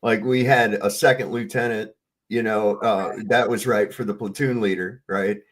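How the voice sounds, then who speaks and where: A man in casual chat, telling an army story in an animated way and acting out the voices of the people in it. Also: lowish voice, moderate pace. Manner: animated anecdote teller, acts out the voices he quotes.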